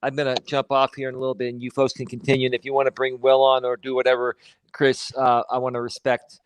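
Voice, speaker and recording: Man, livestream guest, measured and careful, smooth resonant voice, dry sound. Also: medium pitch, monotone, dry recording. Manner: measured, hedging, careful phrasing. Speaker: guest streamer. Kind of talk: casual livestream chat.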